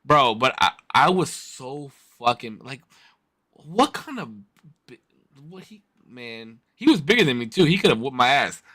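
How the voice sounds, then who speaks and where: A man's voice: mid-range voice, unhurried. A man hosting a podcast, telling a story in casual, profane chat. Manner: profane, animated retelling. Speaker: podcast host.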